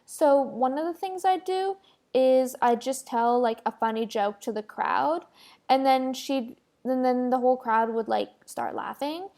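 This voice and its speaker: A woman's voice: high voice, a little mellow. A woman hosting a solo podcast, ranting casually in a rambling, emphatic way. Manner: rambling, emphatic, heavy use of "like" and "literally". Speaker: podcast host.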